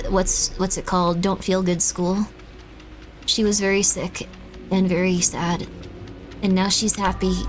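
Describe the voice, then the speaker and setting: A young woman streaming a game, rambling and joking to herself, now and then breaking into panicked shrieks. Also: lowish voice. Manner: rambling, self-deprecating, bursts into panicked shrieks. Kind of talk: casual gameplay commentary.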